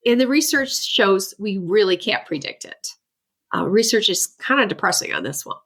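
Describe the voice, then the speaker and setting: A woman guest expert on a parenting interview, talking in a lively way, often laughing and acting out the voices of people she quotes. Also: medium pitch, moderate pace. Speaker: guest expert, ADHD coach. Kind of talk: animated interview talk.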